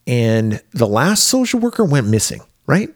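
A man co-hosting a podcast, chatting casually about a movie with profane jokes and lively storytelling. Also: medium pitch, moderate pace, dry recording, clean studio sound. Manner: profane, joking, animated storytelling. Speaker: podcast co-host.

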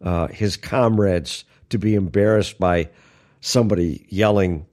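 A man with a low voice co-hosts a casual podcast. He talks in loose, rambling stories full of fillers and restarts. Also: measured pace, darkish tone. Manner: rambling storyteller, many fillers. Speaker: podcast co-host. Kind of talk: casual chat.

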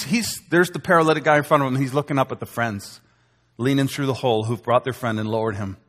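A man preaching a sermon as a pastor, telling the story in an animated way and acting out how the crowd reacts. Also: medium pitch. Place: church hall. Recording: long hall reverb.

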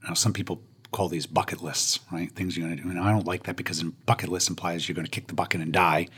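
A man's voice: low-pitched, steady tone, fast, fairly bright tone, husky. A man, a guest on an interview show, telling a personal story with self-deprecating humor and punchlines.

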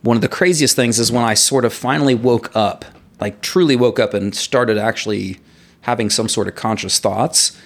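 Male guest, mid-range voice, animated casual storyteller. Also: medium pitch, normal speed. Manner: animated storyteller who laughs at his own story. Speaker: guest telling a personal story.

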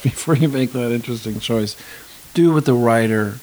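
A man's voice: medium pitch, fairly quick, a little mellow, slight background noise, rough recording. A man in his fifties, an actor, talking casually in an interview, rambling with lots of restarts and asides. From United States. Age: 50s. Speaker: actor guest.

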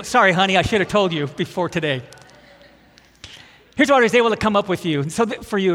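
A man's voice: high voice, fairly bright tone. A man preaching a sermon in a conversational, self-deprecating way with dry jokes. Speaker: pastor. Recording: long hall reverb.

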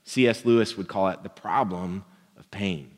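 A male pastor preaching in a relaxed, chatty way and joking with the congregation. His voice sits a bit low and carries a long reverb, as if it fills a large hall. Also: moderate pace. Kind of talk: sermon.

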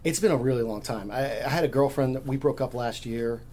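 A man's voice: mid-range voice, a little fast, darkish tone, a little hiss or hum. A man chatting as a podcast guest, rambling through stories with many restarts. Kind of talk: casual chat.

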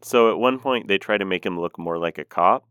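A man co-hosting a podcast, reviewing a movie in a wry, rambling, deadpan way. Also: sits low, fairly quick, clean tone, dry recording, muffled recording. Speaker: podcast co-host. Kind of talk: casual movie review chat.

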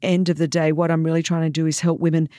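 A woman's voice: low voice, level tone, fast talker, dark tone, dry recording, clean studio sound. A woman in her forties with an Australian accent, talking energetically and emphatically as a guest on a podcast, laughing often. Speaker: guest speaker. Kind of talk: casual podcast interview.

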